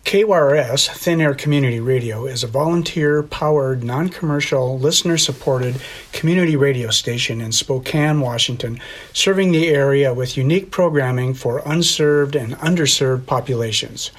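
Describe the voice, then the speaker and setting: A man's voice: medium pitch, normal speed. Man giving a formal station ID. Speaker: radio station announcer. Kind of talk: read station identification.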